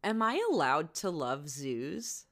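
A woman's voice: low-pitched, sing-song, slow pace. A woman co-hosting a casual chat podcast, playful and teasing, laughing often. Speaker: podcast co-host.

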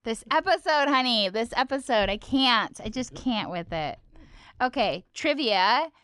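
A woman's voice: fairly high pitch, measured pace, smooth, dry recording, clean studio sound. A woman co-hosting a podcast, chatting casually and playfully about a cartoon episode. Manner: playful, teasing, animated. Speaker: podcast co-host.

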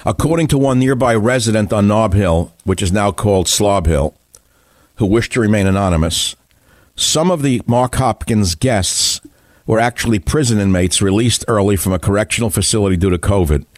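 A man's voice: on the low side, moderate pace, dry recording. A man hosting a talk radio show, delivering a combative, scornful political monologue with heavy emphasis. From United States.

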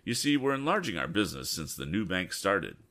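A man voicing a cheerful young male bank cashier in a storybook reading, with a raised, lively voice. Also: low-pitched, a little fast.

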